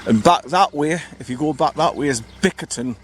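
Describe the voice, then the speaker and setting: A man's voice: a little high, fairly quick, slight background noise. Chatty man vlogging outdoors. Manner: chatty, rambling, spells out place names. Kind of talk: casual walking vlog narration. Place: outdoors beside a parked car in countryside.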